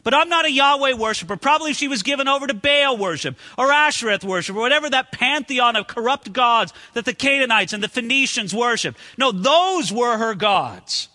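A man preaching a sermon in an animated way, acting out the voices in the story he tells. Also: very high voice, moderate pace, few pauses, in a large hall. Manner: animated, acts out quoted voices.

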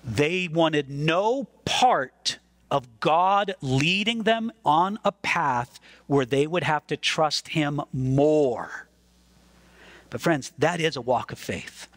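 Pastor guy preaching, high voice swinging all over, earnest, doubles up words for emphasis. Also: animated, takes it slowly, a bit bright, dry recording. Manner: emphatic, earnest, repeats words when stressing a point. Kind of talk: sermon.

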